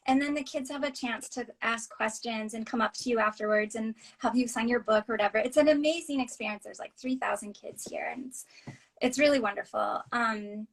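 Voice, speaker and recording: Earnest, halting woman author on a podcast, higher voice, telling personal stories. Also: poor audio. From United States. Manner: earnest, halting, drops softly near a whisper at times. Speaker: author and interview guest. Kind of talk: personal storytelling in conversation.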